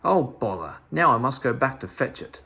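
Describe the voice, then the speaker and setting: A man's voice: mid-range voice, sing-song, normal speed, vocal fry, sharp tone, exaggerated voice. A man voicing a muddled, well-meaning male busybody in a storybook read-aloud, fussy and self-assured. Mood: fussy scolding.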